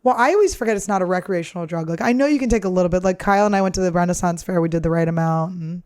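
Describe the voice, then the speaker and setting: A woman's voice: fairly low pitch, racing, a little mellow. A woman comedian hosting her podcast, telling candid, profane stories in a rambling, casual chat. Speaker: podcast host and stand-up comedian.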